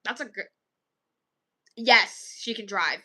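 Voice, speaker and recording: A woman's voice: mid-range voice, slow, bright, forceful tone. A woman rambling casually to viewers on a livestream, tired and chatty, with sighs between thoughts.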